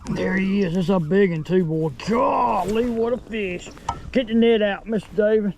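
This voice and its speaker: A middle-aged man, giving excited, folksy commentary while fishing from a boat outdoors. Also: high voice, normal speed, gravelly, slight background noise. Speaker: fishing vlogger.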